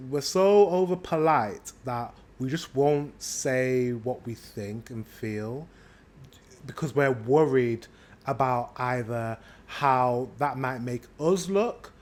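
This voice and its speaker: A British man hosts a reaction video in a casual, chatty style, upbeat and thinking aloud as he comments. His voice sits at an ordinary middle pitch.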